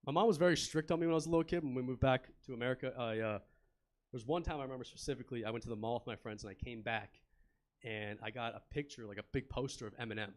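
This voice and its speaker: A man's voice: mid-range voice, quick pace. A young man doing a stand-up comedy set in a club, telling stories in a laid-back, chatty way and bantering with the crowd.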